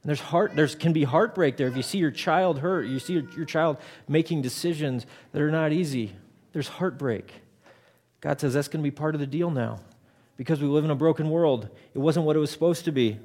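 A man's voice: a little high, a little fast, darkish tone. A man in his thirties, a pastor giving a conversational sermon, often repeating words as he starts a thought.

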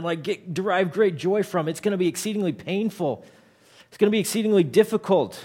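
A man's voice: fairly high pitch, darkish tone. A man in his thirties, a pastor giving a conversational sermon, often repeating words as he starts a thought.

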